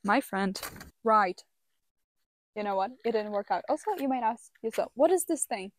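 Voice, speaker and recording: A woman's voice: medium pitch, animated, normal speed, dry recording. A young woman who is not a native English speaker, chatting casually to camera outdoors by a campfire, often exclaiming and repeating words. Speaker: vlogger. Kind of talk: casual vlog talk to camera.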